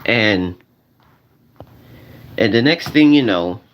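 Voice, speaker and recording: Animated man ranting, voice leaping high. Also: takes it slowly, lo-fi sound. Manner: repetitive, exasperated, voice jumping high when indignant. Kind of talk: stand-up rant to a crowd.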